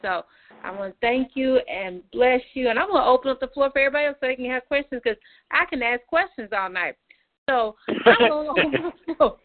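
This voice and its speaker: A woman's voice: sits high, expressive, brisk, dry recording. Woman praying over a tinny phone line. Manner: fervent, repetitive prayer cadence. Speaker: prayer meeting moderator. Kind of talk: spoken prayer over a phone call.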